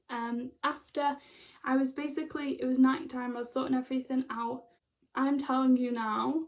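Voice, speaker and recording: A young woman with a fairly high voice tells a story to her viewers. She is chatty and excitable and talks loosely, with plenty of "like" and "um" as she goes. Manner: chatty, excitable, full of "like" and "um" fillers. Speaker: spiritual vlogger. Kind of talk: casual storytelling to camera.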